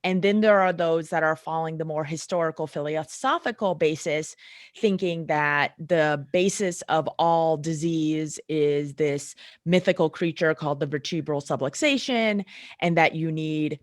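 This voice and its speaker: A middle-aged woman chiropractor, a guest on a casual podcast, tells her stories with animated energy and acts out the people she describes. Her voice sits a little low, and the sound is dry with no room echo. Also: moderate pace.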